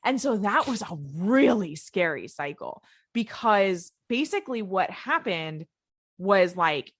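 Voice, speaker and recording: A pregnant woman talking in a casual conversation, animated and laughing as she acts out her own past thoughts. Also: medium pitch, a little slow, no echo, studio quality.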